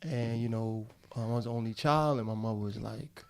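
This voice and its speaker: A man, a podcast guest telling stories in lively, slangy casual talk on a studio mic. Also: lowish voice, brisk, smooth. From Harlem, New York. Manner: animated storyteller, street slang, laughs often. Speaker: guest, actor. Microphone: studio dynamic mic.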